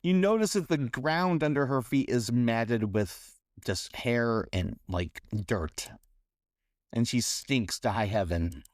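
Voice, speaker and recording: A man running a tabletop role-playing game, describing scenes in a halting, searching way. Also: medium pitch, no room sound, clean studio sound. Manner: halting, many fillers and restarts while describing. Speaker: game master.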